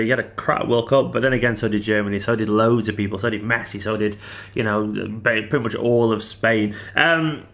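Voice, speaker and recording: A Mancunian man in his thirties rattles through viewers' questions at a quick clip. His voice sits in a middle register. He talks in a chatty, animated way, teasing the people who sent in questions. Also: medium pitch. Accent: Manchester. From Manchester, England. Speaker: football fan vlogger. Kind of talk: casual Q&A vlog.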